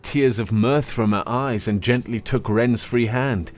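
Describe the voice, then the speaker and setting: A man narrating a fantasy story in a measured, expressive storytelling manner. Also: on the low side, soft background music.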